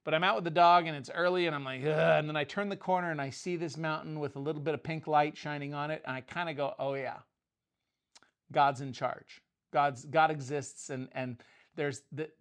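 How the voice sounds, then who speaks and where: Middle-aged man, laid-back sermon, talky, slightly high-pitched, loose retelling. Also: a bit bright. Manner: conversational, paraphrasing scripture loosely with many "like" and restarts. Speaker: preacher. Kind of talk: casual sermon.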